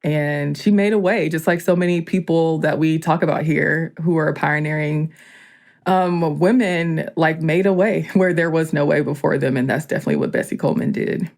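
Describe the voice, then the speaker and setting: A woman's voice: sits low, moderate pace, darkish tone. A woman from Georgia in the US, a podcast guest chatting casually with lots of "like" fillers. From Georgia, USA. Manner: chatty, filler-heavy with frequent "like".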